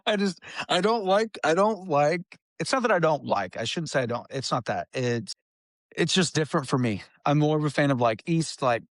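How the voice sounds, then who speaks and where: A man's voice: on the high side, expressive, moderate pace, no room sound. Rambling man with a dry, close sound. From Indiana. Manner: rambling, trails off into restarts and hedges. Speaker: podcast co-host. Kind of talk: casual chat.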